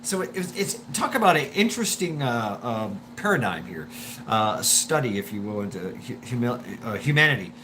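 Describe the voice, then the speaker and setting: A man's voice: mid-range voice, very animated, normal speed, background noise. A man hosting a live stream, telling a story in a rambling way with swearing, laughs and many restarts.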